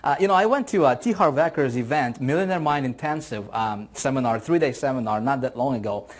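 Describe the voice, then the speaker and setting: Husky-voiced, energetic man teaching marketing. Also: medium pitch, fairly quick. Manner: energetic, enthusiastic, repeats phrases for emphasis. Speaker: online marketing course instructor. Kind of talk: motivational video lesson.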